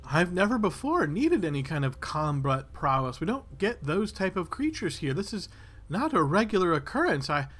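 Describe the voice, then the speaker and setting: A man's voice: high voice, big pitch swings, moderate pace, a bit bright, breathy edge, exaggerated voice. Man voicing older woman, midwife, apothecary, prim, formal, polite, tabletop game character.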